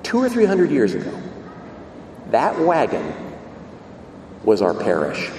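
A man's voice: mid-range voice, wildly swooping pitch, takes it slowly, darkish tone, slight background noise. A man voicing a friendly Irish village man with an Irish brogue, proudly telling local history, in an echoey church from a distance. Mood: proud, earnest.

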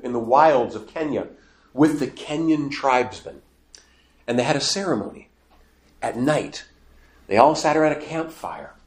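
Male preacher, mid pitch, animated sermon delivery, echoey room. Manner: animated, rising to emphatic quoted lines.

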